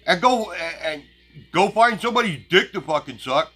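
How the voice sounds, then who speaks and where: A crass, foul-mouthed man rants at his viewers in a casual talk show, his voice sitting a little high and sounding sharp and forceful. He talks bluntly and mocks his audience with scorn, and faint music plays behind him. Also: animated, normal speed, breathy edge. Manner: crass, blunt and heavily profane. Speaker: channel host. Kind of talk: profane casual rant to viewers.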